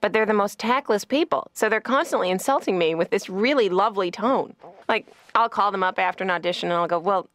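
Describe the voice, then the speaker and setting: A woman's voice: medium pitch, fairly quick, fairly bright tone, close to an everyday voice. A woman playing a wisecracking cartoon patient. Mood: wry. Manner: chatty, self-mocking storyteller. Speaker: comedian patient. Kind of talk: cartoon stand-up monologue.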